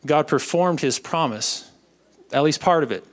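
A young man giving an earnest personal faith testimony, halting and often repeating his words. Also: fairly high pitch. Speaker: speaker sharing a testimony.

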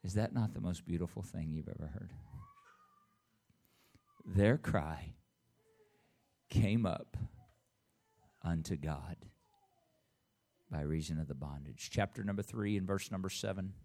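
Deep-voiced man preaching to a congregation. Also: mellow. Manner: preaching with call-and-response to the congregation; reads scripture aloud in a slow, drawn-out voice. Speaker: pastor. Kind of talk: church announcements and sermon.

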